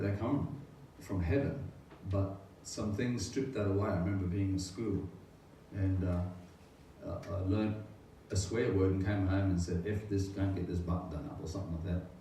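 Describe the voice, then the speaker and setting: A man's voice: deep voice, mellow. A middle-aged man, a pastor, earnestly telling his faith testimony in a rambling way with rhetorical questions. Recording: very echoey room, distant mic, faint noise.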